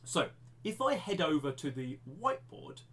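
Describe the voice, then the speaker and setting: Chatty male maths teacher, slightly high voice. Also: animated, normal speed, a bit bright. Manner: chatty, self-deprecating, thinks aloud with restarts. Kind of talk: live-streamed maths lesson.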